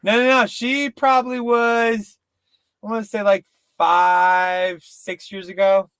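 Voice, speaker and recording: A man in casual, profane podcast chat, rambling and slipping into quick impressions. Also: high voice, level tone, a bit bright, smooth, dry recording. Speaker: podcast co-host.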